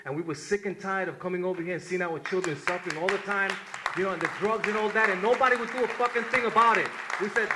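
A man's voice: high voice, fast, echoey room, a loud crowd, very noisy. A man giving an impassioned tribute at a community gathering, repeating himself and reading his own poem. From New York. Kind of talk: spoken memorial remarks and poetry reading.

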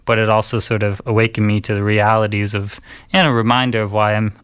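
A man talks on community radio, recounting something that happened to him. His voice sits low and smooth, and the sound is close and dry. He speaks haltingly, with many ums and restarts. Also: flat delivery, fairly bright tone, dry recording. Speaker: radio host. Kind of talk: casual radio talk, personal story.

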